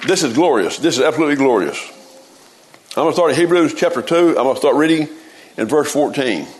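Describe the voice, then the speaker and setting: A man's voice: on the high side, animated, quick pace, rough recording. A man preaching a sermon in a folksy, emphatic way, often repeating words as he gets going.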